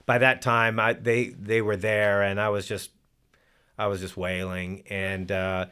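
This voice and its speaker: An older musician guest in an interview tells casual stories in a lowish, pushed and bright voice with a clean tone. His pitch barely moves and his pace is measured, while his rambling talk is full of fillers and restarts.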